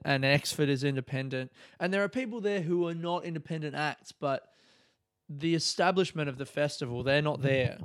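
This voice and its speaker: A man's voice: a little high, clear, resonant tone, dry recording, clean studio sound. A man, a comedian hosting his podcast, telling meandering, profane, nostalgic stories in a casual monologue.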